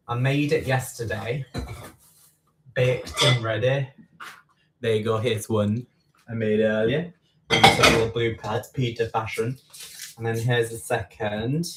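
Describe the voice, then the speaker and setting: Far from the mic in a roomy home kitchen, a baking livestream host talks casually while he bakes, rambling and correcting himself. His voice is medium in pitch and fairly bright, and faint noise can be heard.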